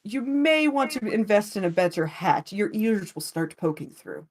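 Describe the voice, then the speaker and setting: A sly, flamboyant male shopkeeper from a tabletop game, as a woman game master puts him on, with a smooth, affectionate way of talking and an easy, slow drawl. His voice sits at a middling pitch, and he coaxes and flatters in each line. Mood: sly, charming. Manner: smooth, affectionate, says darling and honey.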